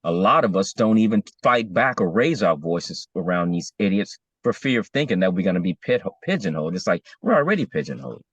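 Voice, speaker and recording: A man's voice: low voice, sing-song, fairly quick, few pauses, fairly bright tone, breathy edge, no echo, muffled recording. A man in casual discussion as co-host, talking emphatically, his voice rising when he is stirred.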